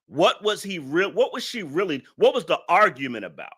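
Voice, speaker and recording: A man's voice: high voice, very animated, normal speed, a bit bright, breathy edge. A man hosting a reaction commentary, ranting angrily and repeating himself with heavy profanity. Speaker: commentary channel host.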